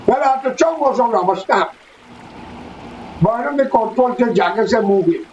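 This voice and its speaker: A man with a very high voice rails at his listeners in a heated, accusing political rant. He sounds set back from the mic, and the sound is muffled and lo-fi with a faint hiss. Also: lively intonation, normal speed, a little mellow, reverberant. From Guyana. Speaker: political commentator. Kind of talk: angry political rant to camera. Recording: distant, muffled, lo-fi with faint noise.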